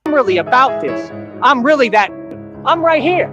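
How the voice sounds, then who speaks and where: A man's voice: very high-pitched, very animated, normal speed. A man ranting on his livestream in a defiant, profane, taunting way, playing as a clip. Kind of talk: confrontational livestream rant. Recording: muffled clip with loud music.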